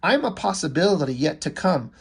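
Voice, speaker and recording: A man voicing a smug, scheming male demon lord from a comic book in formal, measured, taunting speech, close to his own voice. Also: fairly high pitch, very animated, vocal fry, breathy edge, heavily acted.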